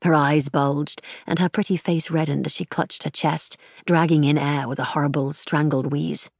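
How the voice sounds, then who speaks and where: Brief: audiobook narrator, woman with a deep voice, even and measured. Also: gravelly, no echo, clean studio sound. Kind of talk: scripted narration.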